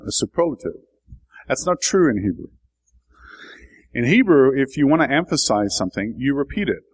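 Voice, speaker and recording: A man's voice: mid-range voice, rough recording. A man giving a sermon, explaining scripture in a thoughtful way and building to emphatic bursts. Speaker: preacher.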